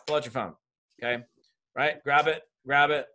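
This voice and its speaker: High-voiced energetic male sales coach. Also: normal speed. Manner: energetic, direct, talks straight to the audience. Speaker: network marketing trainer. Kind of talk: coaching a group on a video call. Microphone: video call.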